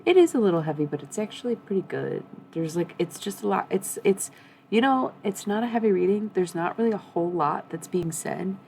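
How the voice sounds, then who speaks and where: A woman's voice: mid-range voice, lively intonation, a little fast, creaky, warm tone, slight background noise, low-quality recording. A young woman giving a blunt, profane, rambling tarot reading on a live stream.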